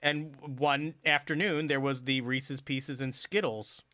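A man's voice: medium pitch, fairly even intonation, measured pace, sharp tone, no echo, clean studio sound. A man chatting casually, telling rambling stories with mock outrage. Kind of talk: casual chat.

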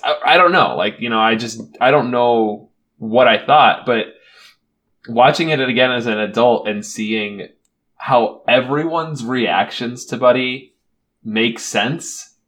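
A man's voice: mid-range voice, a little slow, a bit bright. A young man co-hosting a casual film podcast, chatty and laughing often. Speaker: podcast co-host. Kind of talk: casual chat about a film.

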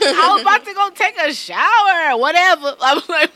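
A woman's voice: very high voice, animated, moderate pace, sharp tone. A woman in casual chat, telling blunt, profane stories about her son and laughing often as she acts out quotes. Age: adult, parent of a young son.

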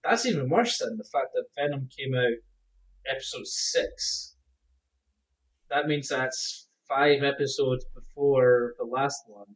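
A man's voice: mid-range voice, slow pace, low-quality recording. A man co-hosting a casual podcast chat, eager but hesitant, with lots of fillers.

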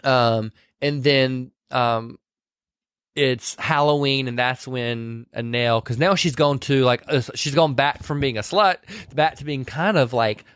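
A man's voice: mid-range voice, measured pace, fairly bright tone, clear, resonant tone, no echo, studio quality. A man in casual chat, retelling a film scene by scene and acting out quoted lines. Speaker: podcast co-host recapping a film.

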